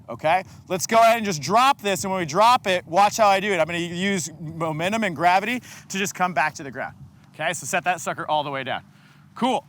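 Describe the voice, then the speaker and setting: A man coaching a group through a follow-along kettlebell workout, giving energetic cues and counting down the seconds. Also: sits high, slight background noise. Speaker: fitness coach.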